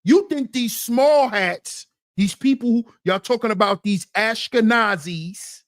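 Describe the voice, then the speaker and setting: Hosting a livestream, a man with a high voice reads chat comments aloud and answers them slowly, in an emphatic, mocking style that repeats phrases. The sound is studio quality with no room sound.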